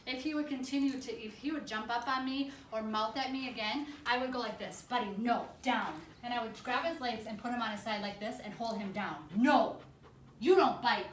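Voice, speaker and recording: A woman dog trainer with a fairly high voice walks through a hands-on demonstration step by step and breaks off for firm, clipped commands to the dog. The room rings with echo, and a faint hum of ambience sits underneath. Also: fairly quick, few pauses, a bit bright.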